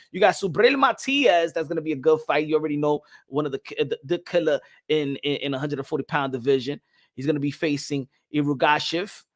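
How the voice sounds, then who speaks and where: High-voiced excitable man talking boxing. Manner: animated, repetitive, gets loud and excited. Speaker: boxing show host. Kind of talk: casual boxing commentary.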